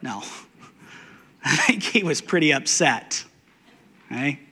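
A male pastor preaching and reading scripture in a conversational, playfully emphatic way, often repeating words more and more softly. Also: fairly high pitch, lively intonation, slow pace, slightly rough, in a large hall. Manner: conversational, playfully emphatic, trails off into soft repetitions. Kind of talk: sermon with Bible reading.

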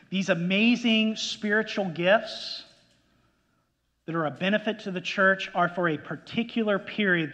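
A man preaching a sermon as pastor, emphatic and pausing to ask the congregation questions. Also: high voice, sharp tone, muffled recording. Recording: long hall reverb.

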